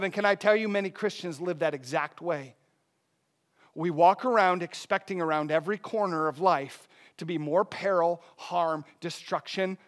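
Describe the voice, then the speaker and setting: A male pastor preaching a sermon, reading scripture and explaining it, moving between loud emphatic lines and soft hushed ones. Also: sits high. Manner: reads scripture aloud and explains it.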